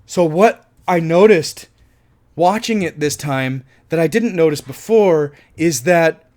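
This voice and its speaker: A man's voice: on the high side, animated, takes it slowly, darkish tone. A man reviewing a film in a casual monologue. He is enthusiastic, laughs often and swears freely.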